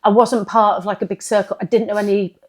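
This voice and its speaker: A woman's voice: mid-range voice, level tone, quick pace. A middle-aged woman, a business founder, talking candidly and chattily as a podcast guest, often restarting her sentences. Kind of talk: casual interview chat.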